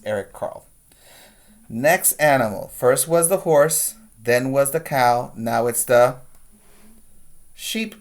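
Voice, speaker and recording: A male preschool teacher reading a picture book aloud to young children, patiently pointing out the pictures and asking them questions. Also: mid-range voice.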